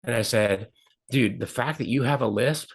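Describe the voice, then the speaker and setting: A middle-aged man with a voice of ordinary pitch tells a personal story as a talk show guest. He talks in an earnest way, repeats phrases for emphasis and acts out the people he quotes. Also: normal speed, breathy edge. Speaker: podcast guest. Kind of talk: candid storytelling interview.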